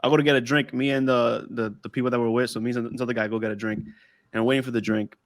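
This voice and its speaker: Podcast co-host, male, mid-pitched, dry close sound, chatty storyteller who voices the people in his story. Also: little pitch movement, rapid-fire, no echo. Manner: rambling storyteller who acts out quoted dialogue. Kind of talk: casual chat. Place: lives in Texas.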